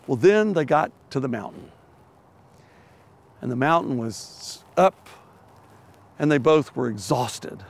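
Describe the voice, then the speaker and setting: A man's voice: medium pitch, expressive, takes it slowly, creaky, pauses often. A middle-aged man preaching a sermon, telling a children's animal story with playful voices before turning to its lesson. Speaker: pastor.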